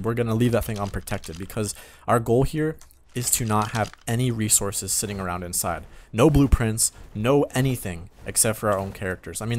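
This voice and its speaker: Fast-talking man narrating gameplay. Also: fairly low pitch, slight background noise. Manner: chatty, rambling, talks straight to viewers. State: voice going hoarse. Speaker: gaming channel host. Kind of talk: casual gameplay commentary.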